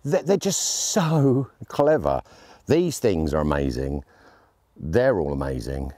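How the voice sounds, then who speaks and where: A man's voice: very deep voice, very animated, slow pace, warm tone, dry recording, clean studio sound. A man giving a chatty, jokey and enthusiastic gear review outdoors on shooting land.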